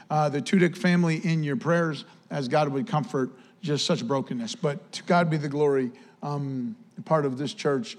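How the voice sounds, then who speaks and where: A man in his fifties, a grandfather and pastor, leading a fervent church prayer and introducing the sermon. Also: fairly high pitch. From United States. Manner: fervent, repetitive prayer with rising emphasis.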